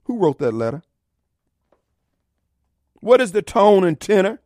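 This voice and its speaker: A man's voice: high-pitched, big pitch swings, unhurried, a little mellow, no echo, clean studio sound. A middle-aged man hosting talk radio, ranting in a combative, mocking, preachy way. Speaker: radio talk show host. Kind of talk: opinionated talk radio monologue. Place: radio studio.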